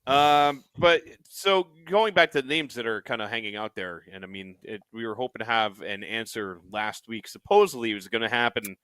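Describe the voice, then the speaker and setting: A man's voice: lowish voice, lively intonation, moderate pace, few pauses, fairly bright tone, clean tone, no echo. A man co-hosting a casual hockey podcast, joking around and then steering the group back to the topic.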